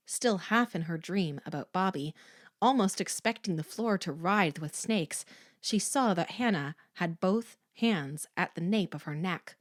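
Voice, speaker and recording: A woman narrating a horror audiobook in a slow, hushed, suspenseful manner. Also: mid-range voice, no echo, studio quality.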